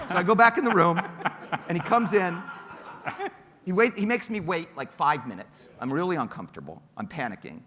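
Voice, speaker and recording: A man telling an anecdote on stage, animated and laughing as he goes. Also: sits high, a little slow, long pauses. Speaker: storyteller on stage. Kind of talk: animated anecdote told to a live audience. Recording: hall reverb, faint hiss.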